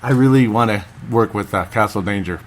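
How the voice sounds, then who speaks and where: A man's voice: on the low side, brisk, slight background noise. A man hosting a casual solo podcast, rambling and chatty, laughing often and talking straight to his listeners. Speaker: podcast host.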